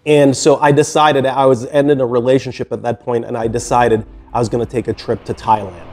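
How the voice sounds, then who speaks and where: A man's voice: medium pitch, flat delivery, fairly quick, darkish tone, faint music behind. A middle-aged man casually telling a personal travel story, rambling with many fillers and restarts.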